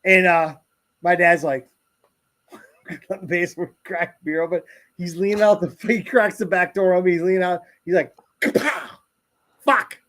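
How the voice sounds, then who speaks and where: A man's voice: sits high, normal speed. A man in his forties on a casual podcast, telling profane, rowdy stories and acting out the people in them. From grew up in the country. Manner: profane, storytelling with animated quoted voices. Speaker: podcast co-host. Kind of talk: casual chat.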